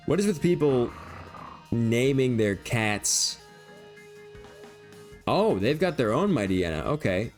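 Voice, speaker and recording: A man's voice: mid-range voice, big pitch swings, slow, long pauses, a little mellow, faint music behind. A young man streaming a video game, rambling and joking in a casual running commentary and laughing easily.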